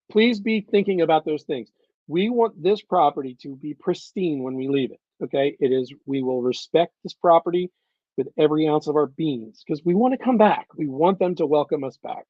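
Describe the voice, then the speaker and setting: A fairly high-voiced man talks straight to his audience in an earnest, coaching way, circling back to the same advice and punctuating it with "okay?" and "all right, guys." The sound is close and dry, a little dull and lo-fi like a home livestream. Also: no echo. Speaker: event organizer addressing reenactors. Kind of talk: casual livestream briefing.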